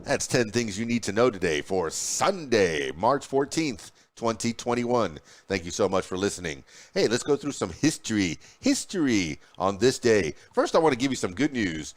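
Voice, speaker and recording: A man's voice: lowish voice, big pitch swings, normal speed, few pauses. A man hosting a podcast, reading news headlines and history facts aloud with small slips and restarts. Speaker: podcast host.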